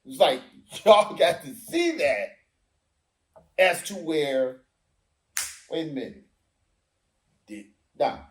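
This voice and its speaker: A man's voice: on the high side, very animated, slow pace, pauses often, echoey room. A middle-aged man in a heated casual discussion, explaining himself emphatically and acting out what others said. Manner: emphatic, explains with acted-out quotes. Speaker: podcast host.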